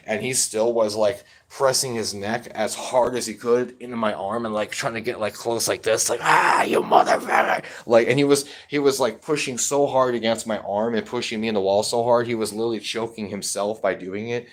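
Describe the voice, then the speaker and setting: A man with a fairly low voice tells his story in a rambling, agitated rush, swearing constantly. He is talking straight to camera in a personal video update. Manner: rambling, heavily profane, agitated. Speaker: vlogger.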